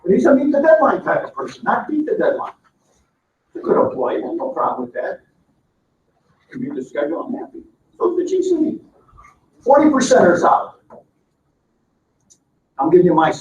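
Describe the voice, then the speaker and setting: Guy running a training seminar, high voice, keeps firing questions at the room, dull lo-fi recording with a faint hum. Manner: punchy, emphatic, asks the room questions. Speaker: management trainer. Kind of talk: seminar lecture. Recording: roomy, distant, dull lo-fi sound.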